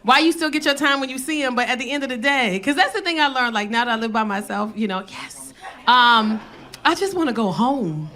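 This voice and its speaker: A woman's voice: on the high side, animated, fairly quick. A middle-aged woman doing stand-up comedy on a club stage, blunt and profane, teasing the audience into a handheld mic. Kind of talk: stand-up comedy set with crowd work. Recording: live club with loud audience laughter.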